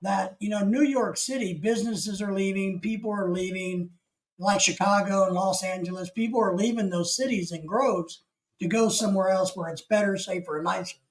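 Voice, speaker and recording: A man's voice: sits high, moderate pace, low-quality recording. A man from the United States hosting a casual live stream, rambling through opinions and reading chat comments aloud.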